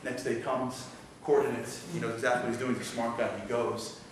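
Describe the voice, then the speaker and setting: A man telling a story as a guest speaker in a synagogue hall, animated and acting out the voices. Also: mid-range voice, fairly quick. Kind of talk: storytelling lecture. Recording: echoey hall from far off, noisy.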